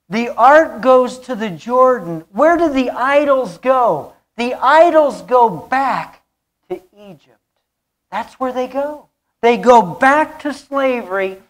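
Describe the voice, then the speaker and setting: A woman pastor preaching a sermon, telling a story and repeating key phrases for emphasis. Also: a little high.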